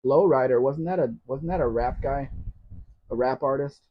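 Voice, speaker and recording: A man's voice: mid-range voice, normal speed. Blunt man hosting a live Q&A. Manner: blunt, opinionated, teasing. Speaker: livestream host. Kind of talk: casual live Q&A chat. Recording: dull lo-fi stream audio.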